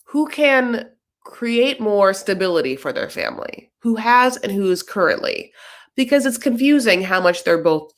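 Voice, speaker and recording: A woman's voice: fairly low pitch, vocal fry. A woman giving casual, sarcastic commentary on a reality show, rambling with lots of fillers.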